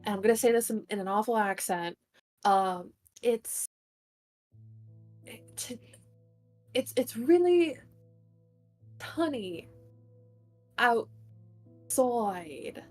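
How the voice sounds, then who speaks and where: A woman voicing her adventurer character, who speaks haltingly and self-consciously while struggling with pronunciation. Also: mid-range voice, fairly even intonation, darkish tone, faint music behind, close to an everyday voice. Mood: unsure. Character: woman adventurer fumbling a new language.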